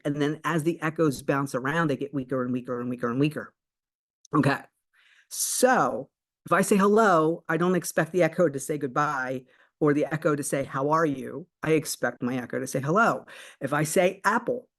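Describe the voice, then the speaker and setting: A woman coach giving a spiritual self-help talk, earnest and explanatory, often checking in with a quick "right?" and restarting phrases. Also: low-pitched.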